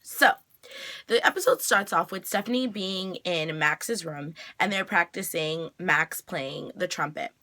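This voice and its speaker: A woman's voice: fairly low pitch, unhurried, pushed and bright. A woman hosting her own review vlog, recapping a TV episode in a chatty way with lots of "like" and "you know". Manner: chatty, filler-heavy retelling with frequent "like". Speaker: TV review vlogger.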